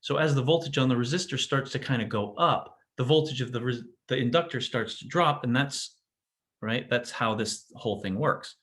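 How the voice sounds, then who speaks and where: A man's voice: medium pitch, normal speed, fairly bright tone. Casual male physics lecturer. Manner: casual, self-interrupting, checks in with "right?". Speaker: physics teacher. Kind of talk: classroom lecture.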